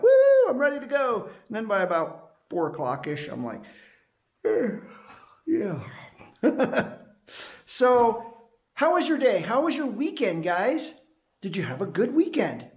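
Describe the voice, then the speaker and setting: A middle-aged man chatting casually to his vlog camera, rambling from story to story and laughing often. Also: high-pitched. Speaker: vlogger and night guard. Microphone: action camera.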